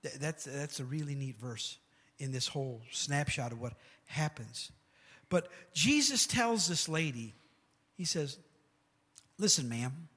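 Animated preacher man in a reverberant hall. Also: a little high, a little slow, long pauses, breathy edge. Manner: animated, call-and-response asides like "come on" and "amen". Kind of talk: sermon.

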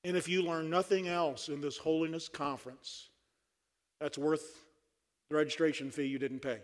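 A man's voice: fairly high pitch, steady tone, normal speed. A man preaching a sermon at a conference, fervent and dry-humored. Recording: long hall reverb.

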